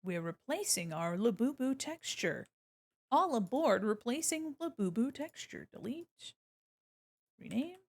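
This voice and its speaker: Her voice fairly high and sing-song, a woman streaming her artwork keeps up casual, playful chatter with viewers at a measured pace. Every so often she hums or sings along with the music while she works.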